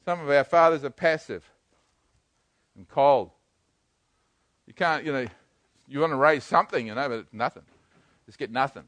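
An older man preaching a sermon, swinging from hushed to loud. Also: mid-range voice, normal speed, long pauses, no room sound. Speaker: pastor.

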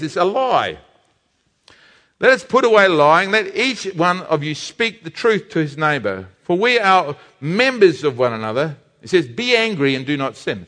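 A man preaching a sermon emphatically, slowing down to stress key phrases. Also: fairly high pitch, fairly bright tone. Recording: reverberant hall.

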